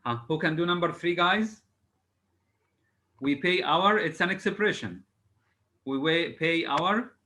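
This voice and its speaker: A male teacher on a video call runs an English lesson. His voice sits slightly high and sounds bright and forceful. He is patient, spells words out letter by letter, and fills pauses with hesitations. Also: expressive, poor audio. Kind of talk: online class drilling exam word formation.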